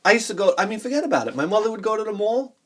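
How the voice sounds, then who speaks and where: High-voiced excitable storyteller man. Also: very fast. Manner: rambling, excitable, laughs often, acts out quoted people. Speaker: video game collector vlogger. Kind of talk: casual storytelling while showing games.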